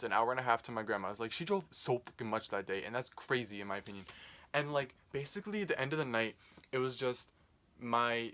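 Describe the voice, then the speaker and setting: A man's voice: medium pitch, pushed and bright. Rambling, foul-mouthed young man telling a story. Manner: rambling, profane, lots of "like". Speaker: vlogger. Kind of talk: casual storytime vlog.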